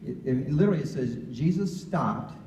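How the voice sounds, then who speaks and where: A man speaking as a guest financial advisor, giving an animated motivational talk to students and peppering them with questions. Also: mid-range voice, normal speed. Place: room at a campus ministry gathering. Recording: echoey room, from far off, dull.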